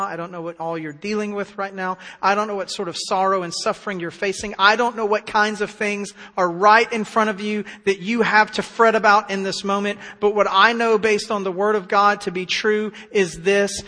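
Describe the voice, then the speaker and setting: A man preaching a sermon as pastor, emphatic, swinging between hushed stretches and loud declarations. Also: high voice, fairly even intonation, moderate pace, few pauses. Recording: long hall reverb.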